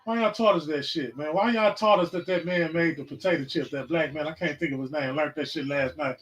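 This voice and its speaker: A fired-up man in his forties with a fairly high voice, hosting a podcast. He talks straight at his listeners, half sermon and half casual chat, often cursing. His excitement keeps boiling over into loud, hyped bursts. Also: a little fast, rough recording. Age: 40s. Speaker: podcast host. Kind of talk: casual preachy podcast monologue.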